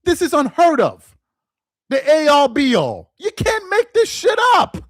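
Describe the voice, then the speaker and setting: A man hosting a sports rant show, mocking and exasperated, firing off rhetorical questions, tripping over repeated words and rising into shouts. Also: extremely high pitch, huge pitch swings, measured pace, no room sound, clean studio sound. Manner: stumbles and repeats words when worked up; rises into shouts. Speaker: sports commentator host.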